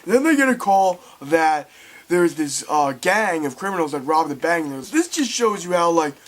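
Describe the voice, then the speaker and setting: A man giving a casual, excitable film review, rambling and swearing as he retells scenes. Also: a little high, moderate pace.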